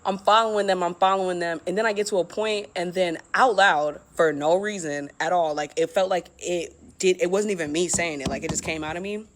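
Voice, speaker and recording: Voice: medium pitch, a little fast, a bit bright. A speaker telling a personal story in a candid, casual way, swearing often and laughing at themself.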